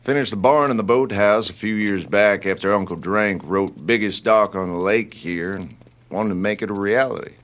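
Actor as laid-back host, hospitable drawl, low voice. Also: male voice, moderate pace, fairly bright tone, natural voice. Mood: welcoming. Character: friendly middle-aged male lake house host. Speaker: host of a lake house.

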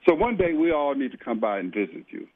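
A man calling in as a guest on a radio show, chatting in a lively, folksy way. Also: mid-range voice, quick pace. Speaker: guest caller. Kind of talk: casual on-air chat. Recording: tinny phone line, dry.

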